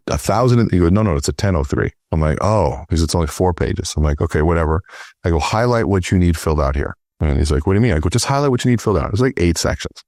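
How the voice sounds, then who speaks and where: A middle-aged man, a sales trainer, telling animated stories in an interview and acting out the dialogue. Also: very deep voice, dry recording, studio quality. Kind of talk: storytelling in interview.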